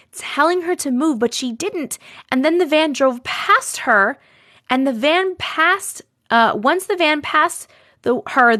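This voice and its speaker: A woman's voice: high voice, fairly bright tone. A woman with a New York accent hosting a casual livestream from home, chatting, laughing often and reading viewer stories and comments aloud. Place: at home, seated at a computer desk.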